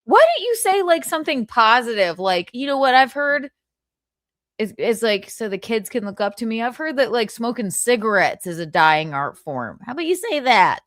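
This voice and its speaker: A woman's voice: on the high side, big pitch swings, moderate pace, a bit bright, dry recording, clean studio sound. A woman hosting a livestream, giving casual gossip commentary in a sarcastic, profane rant. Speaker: livestream host.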